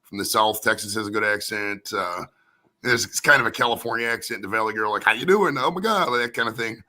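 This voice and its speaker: Fast talking american stoner dude hosting, bright voice, says man and bro a lot. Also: lowish voice, little pitch movement. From United States. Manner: laid-back stoner talk, full of "man" and "bro". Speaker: podcast host. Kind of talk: casual chat.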